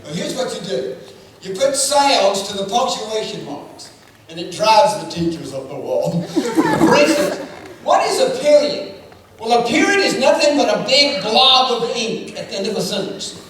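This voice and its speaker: High-voiced comic man in echoey hall. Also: moderate pace. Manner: animated, drawls lines, bursts into shouted sound effects. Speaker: comedic speaker on stage. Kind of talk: stand-up comedy routine. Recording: echoey hall from far off, noisy. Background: audience laughter.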